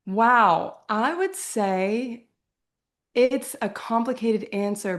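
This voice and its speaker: A woman's voice: on the high side, extremely slow. A young adult woman from Virginia, talking reflectively as an interview guest, often ending points with a questioning "right?". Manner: earnest, often ends with "right?".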